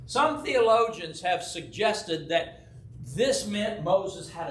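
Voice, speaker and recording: A high, bright man's voice leads a Bible study in a casual, storytelling way, often checking in with his listeners. He acts out the people in his stories. The sound rings around an echoey church room. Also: takes it slowly, a little hiss or hum. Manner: animated storyteller who acts out quoted voices; frequent checking with "right?". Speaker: pastor teaching a Bible study. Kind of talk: conversational Bible teaching with personal stories. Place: church hall.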